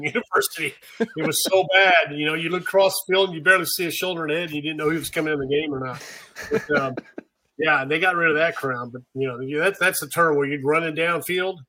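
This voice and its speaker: Husky older man telling a story. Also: mid-range voice. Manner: animated storyteller, acts out quotes. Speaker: podcast guest, pro turf manager. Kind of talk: casual storytelling chat.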